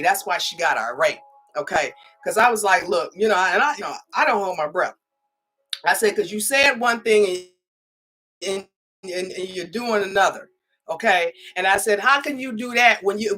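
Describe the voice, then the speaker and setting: Husky, animated woman telling a story. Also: medium pitch. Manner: animated, repeats "okay?" for emphasis; emphatic, re-enacts her own retorts. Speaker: spiritual tarot reader. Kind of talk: casual storytelling to viewers.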